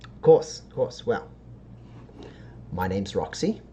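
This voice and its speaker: A man's voice: fairly low pitch, sing-song, slow, mellow, slight background noise. A man voicing a sly woman street dealer who talks in wheedling sales patter.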